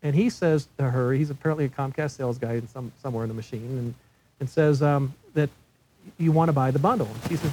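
An older man speaking on a panel, telling a workplace story in a halting way, often repeating words and acting out quoted lines. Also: a little high, dark tone, slight background noise, rough recording. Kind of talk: casual anecdote on a panel.

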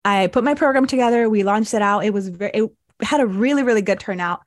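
A woman's voice: medium pitch, fast, dry recording, clean studio sound. A woman, a podcast guest and breathwork mentor, telling her life story in a casual interview and acting out her past thoughts as quotes.

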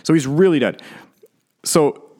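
A man who is a pastor, preaching in a conversational, animated way and often restarting or repeating his words. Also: on the high side, measured pace. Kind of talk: conversational sermon.

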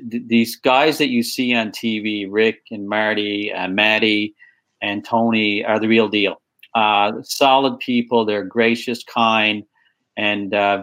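A man talking as an interview guest, unhurried, often repeating words as he starts a sentence. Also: on the low side, fairly bright tone, low-quality recording. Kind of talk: casual interview chat.

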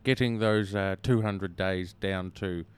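A man's voice: low voice, steady tone, takes it slowly, clear, resonant tone. A man co-hosting a comedy podcast, adding dry, prim interjections to his partner's stories. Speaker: podcast co-host. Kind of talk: absurdist comedy chat.

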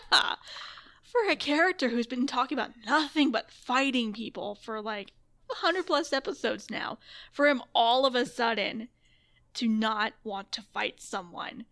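A woman co-hosting a relaxed podcast, her voice pitched a touch high and ringing bright. She talks with easy enthusiasm, laughs readily, and leans on casual fillers. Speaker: podcast co-host. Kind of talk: casual chat.

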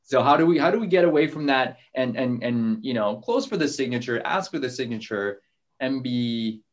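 A man hosting a coaching call, asking a voice coach earnest questions in a halting way. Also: mid-range voice, animated, muffled recording. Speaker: host interviewing a voice coach.

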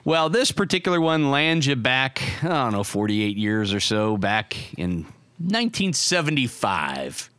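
A male podcast host spins a silly, winding story in casual chat. His voice is bright and animated, swinging widely in pitch. The sound is dry and close-miked. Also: measured pace, smooth, no echo. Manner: playful, spinning a long silly scenario.

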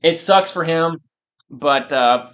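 Animated, emphatic man talking sports. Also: a little high, takes it slowly. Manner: emphatic and animated, with frequent restarts. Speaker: podcast co-host. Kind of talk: casual sports chat.

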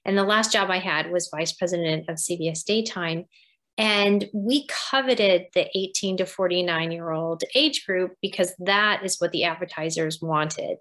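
A woman in her fifties, a podcast guest telling her story in a lively interview, laughing often and acting out quoted dialogue. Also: fairly low pitch, moderate pace. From United States. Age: 50s.

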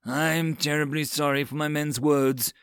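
A man's voice: on the high side, fairly even intonation, a little slow, a bit bright, clean tone, no room sound, clean studio sound, voice pushed up. A man voicing a stammering young noble commander. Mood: flustered.

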